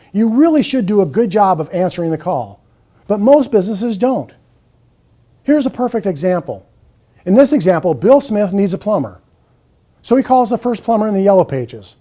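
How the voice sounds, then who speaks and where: A man's voice: high voice, warm tone. A man giving a scripted marketing talk, emphatic and a little mocking. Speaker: marketing presenter.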